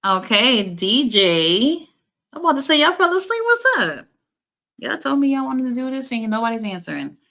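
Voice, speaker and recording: A woman co-hosting a live stream, chatting casually and running a trivia game with a relaxed, teasing manner. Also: on the high side. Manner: relaxed, unhurried, teasing chat. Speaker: co-host of a wrestling watch-along stream.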